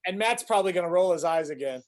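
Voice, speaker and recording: A man telling a funny anecdote in a casual group chat on a video call, lively and playful. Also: high voice, very fast. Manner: animated anecdote teller with put-on voices. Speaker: call participant.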